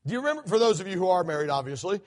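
Middle-aged male guest preacher, high-pitched, animated, repeats himself mid-sentence. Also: very fast. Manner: animated, acts out quoted voices, many restarts. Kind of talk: sermon. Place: church sanctuary.

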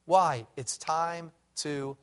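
A middle-aged pastor preaching a sermon in a fairly high voice. He swings between loud, emphatic peaks and low, hushed stretches as he presses his point. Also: fairly even intonation, drawn-out words, clear, resonant tone.

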